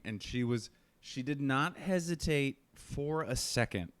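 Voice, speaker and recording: A man co-hosting a podcast from home trades jokes and rambling stories, full of fillers and trailing tangents. His mid-range voice is smooth and clear. It is caught close on a dry mic. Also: mid-range voice, normal speed, no room sound. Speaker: podcast co-host and comedian. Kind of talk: casual comedic banter.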